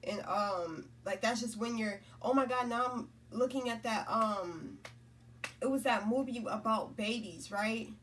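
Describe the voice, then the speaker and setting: A woman's voice: fairly high pitch, unhurried, a bit bright, slight background noise. Rambling woman talking faith, slightly distant mic. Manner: rambling, repeats herself, lots of "right?" and "you know?". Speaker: spiritual content creator. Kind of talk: casual spiritual talk to camera.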